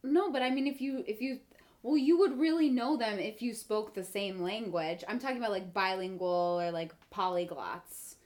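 A woman's voice: mid-range voice, normal speed, a little mellow. A woman guest on a podcast, a comedian talking in a rambling, earnest way as she searches for words. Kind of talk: casual chat.

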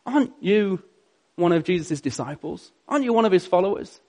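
A man voicing a young servant girl who asks questions in a soft voice, retold in a sermon. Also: high voice, animated, a little fast. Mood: questioning.

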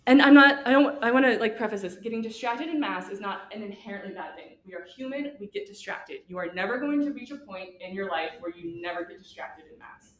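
A woman's voice: medium pitch, expressive, brisk, hardly any pauses. Young woman, guest speaker, casual and earnest, chatty delivery full of fillers. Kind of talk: faith talk to students.

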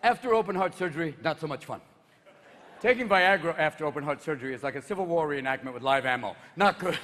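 A man in his fifties performing a rapid-fire stand-up comedy routine live on stage, jumping into voices. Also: a little high, lively intonation, fairly bright tone, big-room sound, slight background noise. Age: 50s. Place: live stage before an audience.

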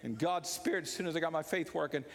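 A pastor preaching an impassioned sermon, repeating his points and rising to shouts. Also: on the high side, fast talker, vocal fry. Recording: long reverb of a large hall.

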